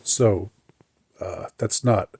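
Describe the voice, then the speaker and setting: A man speaking in a casual, reflective monologue, halting with many fillers and restarts, mildly aggrieved. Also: lowish voice, a little mellow, breathy edge, no room sound. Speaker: podcaster.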